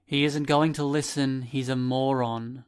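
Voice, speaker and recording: A man playing a bitter teenage boy with glasses, scornful and accusing, pushing his voice a little higher than the narration. An audiobook character who sneers, lectures and asks pointed questions. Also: fairly even intonation, unhurried, clean tone, natural voice.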